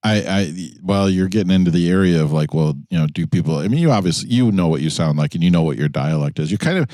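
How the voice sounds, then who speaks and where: A man from New York co-hosting a crude podcast from a car, talking in a hesitant, halting way with wry humor. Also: sits low, expressive, mellow, no echo. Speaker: podcast co-host. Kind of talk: crude casual banter. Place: inside a car.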